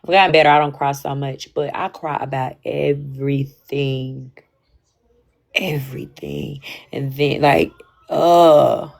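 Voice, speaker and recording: A young woman talking candidly and casually to her stream audience, animated and slangy, swinging between loud bursts and quiet asides. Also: a bass voice, slow, gravelly. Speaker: livestream host. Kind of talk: casual chat.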